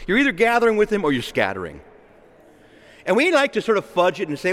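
A man preaching a sermon in a conversational, animated way, often acting out the voices of the people he quotes. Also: high-pitched, quick pace, long pauses. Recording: long reverb of a large hall.

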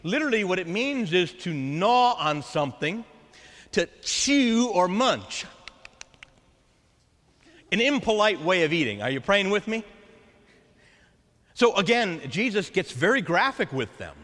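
A man preaching a sermon as a priest, animated and acting out the voices of scripture. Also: high voice, moderate pace. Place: church. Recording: long church reverb.

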